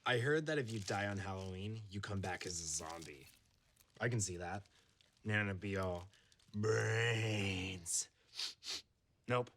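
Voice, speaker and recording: An actor playing a young man who cracks dark jokes in a sitcom scene. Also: fairly low pitch, takes it slowly, pauses often, a little hiss or hum. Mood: deadpan.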